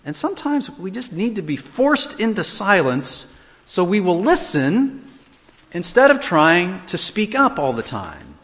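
A man delivering a sermon with a lively, expressive voice that leaps up and down as he acts out quoted lines. His pitch sits a little high for a man. The sound carries a long reverb, as if in a large hall. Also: measured pace. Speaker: pastor.

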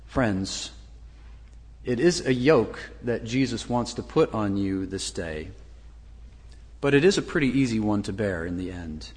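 A man's voice: fairly low pitch, expressive, unhurried, darkish tone, in a large hall. A man preaching a sermon as a pastor, earnest, with frequent fillers.

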